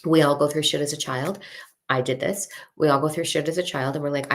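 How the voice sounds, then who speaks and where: A woman spiritual coach talking casually and frankly to a live audience, swearing freely and slowing down to read a mantra. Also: sits low, fairly even intonation, noisy background. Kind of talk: casual livestream talk.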